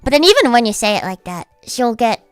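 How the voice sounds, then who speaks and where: Woman streamer, higher voice, dry close sound, swears freely while ranting, faint music underneath. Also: big pitch swings, brisk, clear, resonant tone, no echo. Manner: blunt, profane, ranting storyteller. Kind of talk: casual livestream chat.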